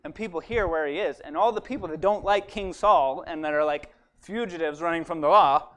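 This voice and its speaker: A man with a high voice tells a church congregation a Bible story. His delivery is chatty and animated, full of "like" and "right?". He sounds like he is talking with friends rather than preaching. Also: a little fast. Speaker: church speaker. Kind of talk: casual storytelling sermon.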